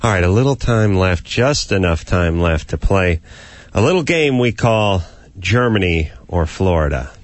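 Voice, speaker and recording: A man's voice: sits low, animated. A man hosting a talk show, bantering in a wry, sarcastic way. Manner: wry, sarcastic, quick quips. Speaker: radio show host.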